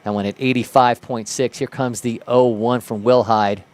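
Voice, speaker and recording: A man's voice: mid-range voice, fairly even intonation, moderate pace, darkish tone. A man calling live play-by-play for a baseball broadcast, lifting his voice sharply on big plays. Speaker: play-by-play commentator.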